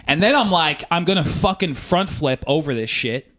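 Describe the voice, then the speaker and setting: A man's voice: on the high side, expressive, moderate pace, a bit bright. A man co-hosting a podcast, telling a story in casual, profane, rambling chat. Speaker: podcast co-host.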